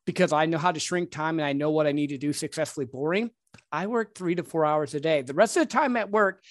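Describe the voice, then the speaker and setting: A man's voice: a little high, fast, no echo, studio quality. A man hosting a podcast, talking in a chatty, agreeable way and reflecting back what his guest said. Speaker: podcast host. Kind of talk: casual podcast conversation.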